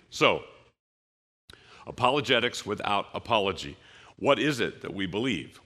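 A man with a very low voice that still has a bright, forceful edge. He speaks at a conference in a loose, conversational way, full of fillers and restarts, and he acts out short bits of dialogue. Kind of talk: conference talk on apologetics.

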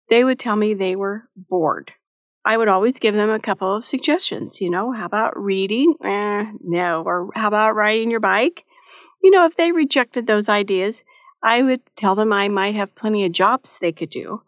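A middle-aged woman delivers a devotional teaching talk with a motherly, practical manner and the odd wry aside. Her voice sits at an ordinary pitch for a woman. It is recorded dry, with almost no room sound. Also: no echo. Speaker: Christian devotional speaker.

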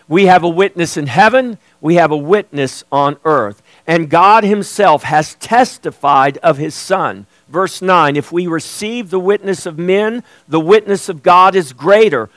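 A man's voice: on the high side, no echo. Earnest preaching man, dry sound. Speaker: pastor. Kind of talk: expository sermon.

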